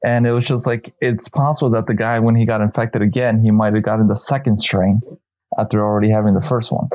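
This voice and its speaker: A man's voice: on the low side, steady tone, quick pace, a little mellow, dry recording, dull audio. A man co-hosting a podcast in casual chat, explaining things in a rambling, hesitant way. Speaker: podcast co-host.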